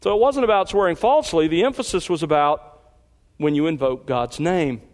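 A man's voice: a little high, a little fast, long reverb tail. A man preaching an expository sermon, reading scripture aloud and pressing key points with emphatic rises. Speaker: pastor.

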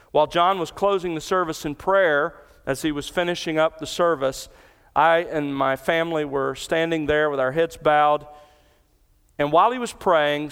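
A man delivers an earnest expository sermon, citing chapter and verse as he goes. His voice is smooth, resonant and slightly high, and it carries a long reverb through a large church sanctuary. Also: a bit bright. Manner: earnest expository preaching, cites scripture references. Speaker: pastor.

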